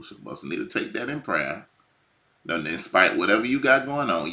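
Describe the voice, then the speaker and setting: A man delivers an informal sermon in a lowish voice. His tone is bright and his pitch moves a lot. He drops to a hush and climbs to near shouting. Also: normal speed, vocal fry. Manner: animated, swings from hushed to near shouting. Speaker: bible teacher. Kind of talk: informal preaching.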